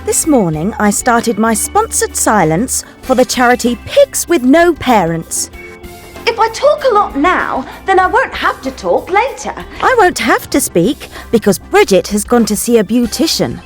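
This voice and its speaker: A woman's voice: a little high, wildly swooping pitch, soft background music. A chatty young woman. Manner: chatty, confiding, slow. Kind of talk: sitcom acting.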